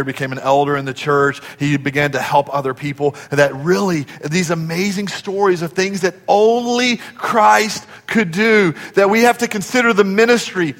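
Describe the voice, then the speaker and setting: A high-pitched male pastor delivers a dynamic sermon, rising to shouts and dropping to near whispers. He calls on the congregation to repeat after him. His voice rings with the long echo of a large church hall. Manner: urges the congregation to respond. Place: church sanctuary.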